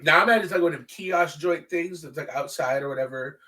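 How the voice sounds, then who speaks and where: Man, podcast host, high lively voice, bright tone, profane storytelling, distant mic. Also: brisk. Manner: animated, profane, acts out quoted dialogue. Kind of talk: casual solo storytelling.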